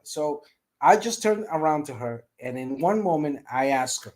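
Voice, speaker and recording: A man's voice: fairly high pitch, animated, moderate pace, a little mellow. A man on a casual panel, telling a story and pressing pointed rhetorical questions.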